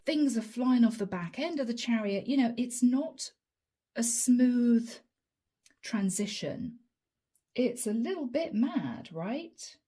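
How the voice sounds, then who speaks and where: A woman's voice: on the high side, mellow, breathy edge. A woman giving a chatty tarot reading straight to her viewers, laughing often and calling them guys. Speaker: tarot reader.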